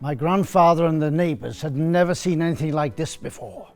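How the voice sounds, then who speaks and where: A man's voice: fairly high pitch, brisk, darkish tone, soft background music, natural voice. A man playing a proud, hot-headed Celtic farmer in an educational drama, telling his tale earnestly and flaring into indignant bluster. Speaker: actor playing a figure.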